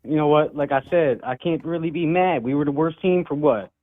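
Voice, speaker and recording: A man calling in to a sports show, talking calmly and reflectively, disappointed but even-tempered. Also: on the high side, fairly quick, a little hiss or hum. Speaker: caller. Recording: tinny phone line.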